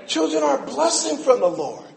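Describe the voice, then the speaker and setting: A middle-aged man preaching a sermon in a church, animated, swinging between shouts and quiet asides. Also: extremely high pitch, moderate pace, creaky. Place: church sanctuary. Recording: echoey hall, mic at a distance.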